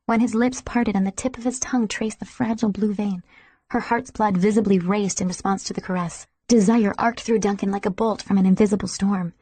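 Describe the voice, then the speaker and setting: A woman narrating a romance audiobook in a soft, intimate way, sometimes dropping to a whisper. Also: mid-range voice, fairly even intonation, brisk, dry recording.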